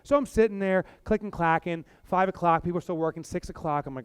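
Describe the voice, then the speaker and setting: A middle-aged man speaking from a stage, telling an energetic comic story and acting out voices as a keynote speaker. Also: high-pitched, fast, smooth, no room sound. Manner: animated, acts out voices for comic effect. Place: stage before a live audience.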